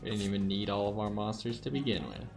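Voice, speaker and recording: Man, low voice, relaxed game commentary, thinking aloud, faint music. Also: quick pace, vocal fry. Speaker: gaming channel host.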